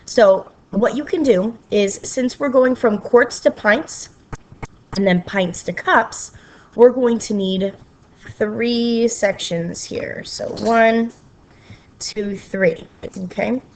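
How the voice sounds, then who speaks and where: A woman teacher talks her students through a recorded math lesson at an unhurried pace. She checks in with an okay at each step and explains patiently. Now and then she slips into a playful sing-song. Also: a little high, a little mellow, a little hiss or hum. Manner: slow, patient explaining with frequent okays.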